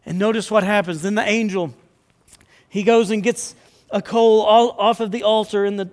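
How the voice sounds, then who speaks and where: A man's voice: high-pitched, steady tone, normal speed. A man preaching a sermon as pastor, earnest and building to fervent appeals. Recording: long hall reverb.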